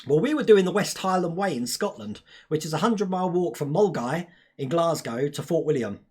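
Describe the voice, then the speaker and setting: A man's voice: a little high, animated, a little fast, a little mellow, husky. A young man hosting a casual live stream, chatting, laughing often and reading out viewer comments.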